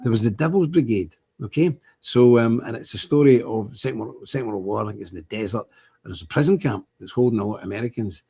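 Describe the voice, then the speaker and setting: Older man, Ulster accent, husky, livestream host, opinionated rambling chat. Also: quick pace. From Northern Ireland. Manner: rambling and opinionated, pitch jumping up when animated.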